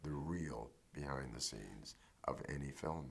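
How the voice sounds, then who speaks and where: Deep, gravelly man musing. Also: unhurried. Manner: musing, repeats himself. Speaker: actor interviewed about a film role. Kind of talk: reflective interview.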